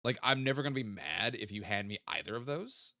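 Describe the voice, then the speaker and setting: A man's voice: fairly low pitch, expressive, a little fast, gravelly, sharp tone, no room sound, clean studio sound. A young man, chatting casually with viewers while playing a geography game and thinking aloud. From American South. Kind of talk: casual live-stream chat.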